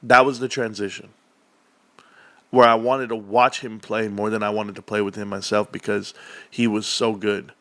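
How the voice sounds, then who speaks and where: With a lowish voice at normal speed, a man hosts a livestream and chats casually. He tells his stories with lots of energy, impersonating the people he quotes, in a dry recording.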